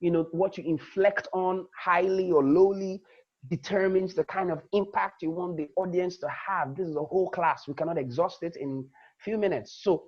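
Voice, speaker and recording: A man gives a public speaking lesson in a husky voice. He stresses words to show his point, dropping soft and rising loud again. The recording sounds dull and lo-fi. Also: sits high. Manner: demonstrative, dramatically shifts emphasis and loudness. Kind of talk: lecture.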